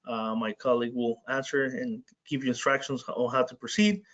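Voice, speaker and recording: A man giving a webinar presentation for a community organization, halting often with filler sounds. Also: medium pitch, steady tone, a bit bright. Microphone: video call. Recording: muffled video-call audio.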